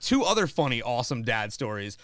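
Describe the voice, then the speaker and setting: A man's voice: mid-range voice, big pitch swings, a little fast, fairly bright tone, no room sound, studio quality. A man from Florida, a stand-up comedian guesting on a podcast, telling casual comic stories in a profane, rambling way full of likes and dudes.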